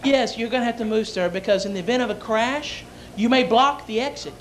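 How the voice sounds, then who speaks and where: A man voicing an officious female flight attendant who insists in flat, polite tones. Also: very high voice, a little fast, noisy background, pitched below the performer's own voice.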